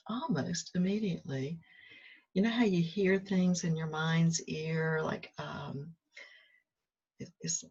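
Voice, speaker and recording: A woman talks through her walking meditation in a musing, conversational way, with drawn-out pauses, recorded outdoors on a walk. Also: low voice, breathy edge, lo-fi sound. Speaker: meditation vlogger. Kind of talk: reflective spoken vlog.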